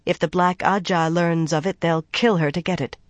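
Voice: mid-range voice, fairly even intonation, moderate pace, no echo, natural voice. A narrator doing a firm young woman leader. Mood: urgent. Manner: firm, urgent.

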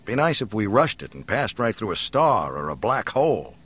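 A man reading an audiobook voices a cocky young male starship pilot in a brash, quick-tongued way. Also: on the low side, very animated, a bit bright.

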